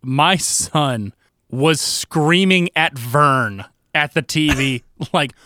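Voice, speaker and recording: A man's voice: a little high, animated, slow, sharp tone, no room sound. A man co-hosting a podcast, chatting in an easygoing way and often answering with short agreeing replies. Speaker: podcast co-host. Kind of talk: casual chat.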